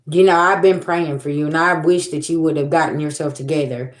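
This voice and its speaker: A woman's voice: deep voice, fairly even intonation, fast, hardly any pauses, a little mellow, roomy sound. A woman giving a livestream spiritual reading, talking bluntly and profanely, repeating herself as she scolds. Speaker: tarot reader.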